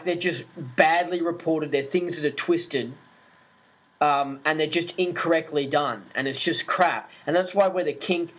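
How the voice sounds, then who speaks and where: A man rants in a loose, unscripted monologue. His voice sits a little higher than most men's. He is indignant and animated, swears often and leans on fillers. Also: slightly rough, rough recording. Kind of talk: casual ranting monologue.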